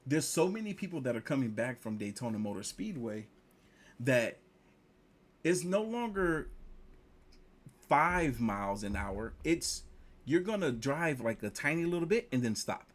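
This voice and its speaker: A man telling a casual story, lively, jumping higher when he quotes people. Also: measured pace, long pauses. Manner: animated, jumps up in pitch when quoting others.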